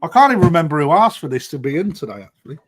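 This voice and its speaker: A middle-aged man with a British accent runs a live koi auction stream, calling bids and countdowns in a friendly, matey patter. His voice sits a touch higher than most men's. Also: very animated, rapid-fire, slightly rough. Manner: chatty, matey banter, calls bids and time.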